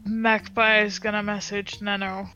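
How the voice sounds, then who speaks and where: A woman's voice: mid-range voice, flat delivery, unhurried, sharp tone, faint music behind. A woman playing a tabletop game, talking casually with hesitant fillers. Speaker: player. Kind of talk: tabletop role-play. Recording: dull lo-fi recording.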